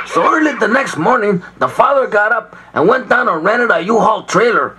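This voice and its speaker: A man's voice: high-pitched, sharp tone, poor audio. A man telling a comic children's story on a comedy record, in a loose, playful way that keeps jumping into voices. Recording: vinyl record with faint noise.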